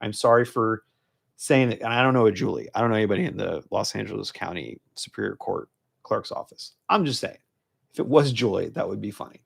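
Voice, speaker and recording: A man's voice: fairly low pitch, a little fast, gravelly, breathy edge. A man, working as a divorce lawyer, explaining a court filing in a casual, rambling live stream full of fillers and restarts. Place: law office.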